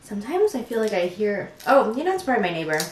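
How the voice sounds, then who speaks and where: Young woman chatting between bites at her table, excitable, roomy echo. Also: mid-range voice, fast talker, slight background noise. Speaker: mukbang host. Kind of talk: casual eating-show chat.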